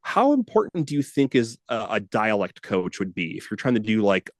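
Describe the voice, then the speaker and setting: A man's voice: fairly low pitch, sing-song, moderate pace, dry recording, clean studio sound. A man from Minnesota, a student asking a question on a video call, casual with lots of fillers. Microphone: desk microphone.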